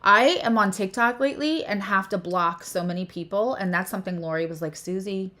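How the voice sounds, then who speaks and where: A woman astrologer and tarot reader hosting a casual spiritual chat, talking with animated emphasis and often restarting her phrases. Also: medium pitch, brisk.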